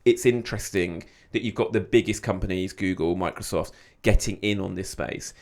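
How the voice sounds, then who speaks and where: A man speaking as a guest on a media podcast, animated and repeating words as he thinks aloud. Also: low-pitched, moderate pace, vocal fry. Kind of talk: casual media discussion.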